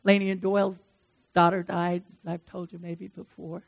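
A woman's voice: on the low side, little pitch movement, moderate pace, vocal fry, narrow, tinny audio. Earnest woman preaching a folksy sermon. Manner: earnest, encouraging, folksy, with asides to the congregation. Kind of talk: conversational sermon.

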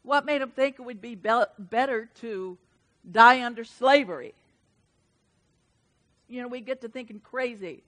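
Woman preaching, high voice, goes from soft and low-key to loud and fired up. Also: unhurried, pauses often, long reverb tail, poor audio. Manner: animated, swings between hushed and loud. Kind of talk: sermon.

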